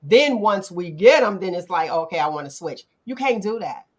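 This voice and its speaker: Middle-aged woman hosting a chat show, lively, acts out what people say. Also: on the low side, normal speed. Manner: animated, acts out quotes in playful voices. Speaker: podcast host. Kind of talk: casual chat.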